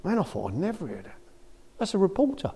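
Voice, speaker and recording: Male preacher, chatty and emphatic, animated delivery, warm voice. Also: high-pitched, fast talker, slightly rough. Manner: lively, conversational, rising to emphatic outbursts. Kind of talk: informal sermon.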